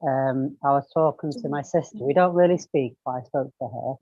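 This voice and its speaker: A man's voice: mid-range voice, fairly quick, dry recording. Reflective man on a tinny video call. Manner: reflective, steady personal account. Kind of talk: casual group chat.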